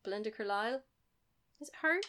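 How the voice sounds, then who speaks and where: A woman co-hosting a podcast, recapping a film in animated casual chat full of laughs and quick impressions. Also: a little high, over a noisy crowd.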